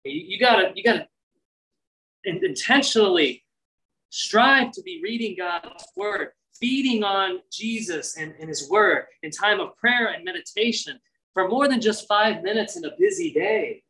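Earnest pastor preaching from a distance. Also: male voice, high voice, lively intonation, measured pace. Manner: earnest, conversational preaching with sudden drops to a hushed voice. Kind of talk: sermon.

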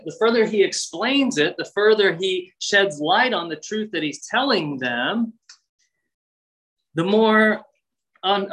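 A man preaching a sermon, expressive, acting out quoted lines with big shifts in pitch. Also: low-quality recording. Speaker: pastor.

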